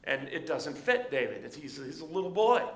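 A man preaching a sermon in a conversational, animated storytelling way. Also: fairly high pitch, normal speed, reverberant. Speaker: pastor.

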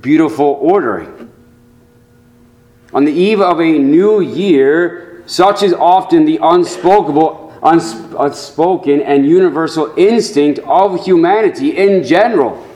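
A man preaching a sermon to his congregation, slow and measured, with deliberate pauses. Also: mid-range voice, a little mellow, poor audio. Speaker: pastor.

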